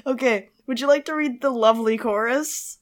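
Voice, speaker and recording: A young woman with a fairly high voice talks through song lyrics in a loose, rambling way. She giggles often and fills her thinking with "like"s as she co-hosts a casual chat. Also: normal speed. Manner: giggly, thinks aloud with many "like"s. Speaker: podcast co-host.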